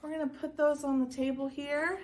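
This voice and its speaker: A woman's voice: high voice, level tone, a little fast. A woman teaching a children's Sunday school class, leading chants and group breathing with upbeat energy.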